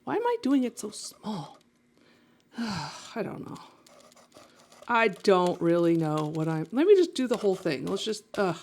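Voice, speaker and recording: A woman's voice: mid-range voice, big pitch swings, a little slow, long pauses, a little mellow. A woman painter talking casually to viewers as she works, chatty and self-mocking, often laughing at herself.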